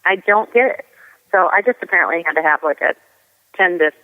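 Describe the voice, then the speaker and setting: A woman's voice: lowish voice, a little fast. A woman guest telling a race story in a chatty way, full of "like" and "you know". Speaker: guest ultrarunner. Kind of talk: casual storytelling. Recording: tinny phone line with long reverb.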